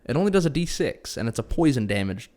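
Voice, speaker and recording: A man's voice: medium pitch, sing-song, fast, darkish tone. A man hosting a casual podcast chat about tabletop role-playing games, easygoing, laughing and swearing along with his guest. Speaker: podcast host.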